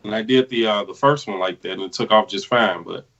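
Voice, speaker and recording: A man's voice: on the low side, a little fast, a bit bright, highs cut off. A man talking as a guest on a live stream, laid back and answering briefly. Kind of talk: casual live-stream chat.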